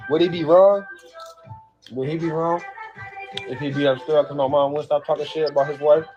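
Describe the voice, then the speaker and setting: A man's voice: fairly high pitch, fairly even intonation, normal speed, music in the background. Guy rambling on a livestream, keeps laughing, cusses a lot, muffled lo-fi sound. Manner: laughs often, loose and rambling, swears freely. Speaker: livestream host reacting to family drama. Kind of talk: casual livestream talk. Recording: dull lo-fi sound.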